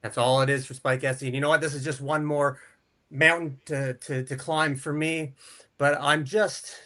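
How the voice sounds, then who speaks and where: A man's voice: fairly high pitch, flat delivery, normal speed, bright, forceful tone. A man calling in remotely as a wrestler, cutting an aggressive, boastful trash-talk promo. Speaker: wrestler guest. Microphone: remote call.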